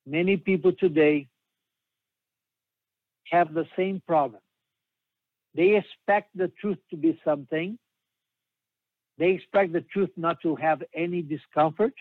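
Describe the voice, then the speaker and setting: A man preaching a sermon slowly and emphatically, pausing often between phrases. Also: a little high, no echo. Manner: slow, emphatic preaching with long pauses. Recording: dry, tinny phone-like sound.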